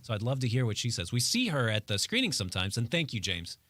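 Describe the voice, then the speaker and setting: A man's voice: medium pitch, fast talker, no echo. Man, mid-range voice, dry close sound, casual wry radio film review. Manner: joking, wry and animated. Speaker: film reviewer and show producer. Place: radio studio.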